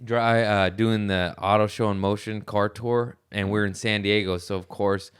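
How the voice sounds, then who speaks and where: A man's voice: lowish voice, steady tone, moderate pace, clear, resonant tone. A man hosting a casual chat, laid-back and slangy, laughing often as he tells stories. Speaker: podcast host.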